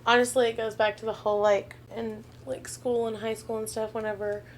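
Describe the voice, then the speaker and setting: A woman's voice: on the high side, little pitch movement, fairly quick. Young woman cohost, dry sarcastic chat, faint hiss behind her. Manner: wry, sarcastic. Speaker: podcast co-host. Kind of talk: casual chat.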